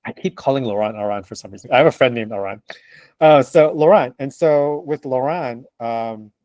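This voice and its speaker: A man who translates books, chatting as a guest in an interview, animated and laughing often with lots of fillers. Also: medium pitch, normal speed, dry recording. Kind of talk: casual interview conversation.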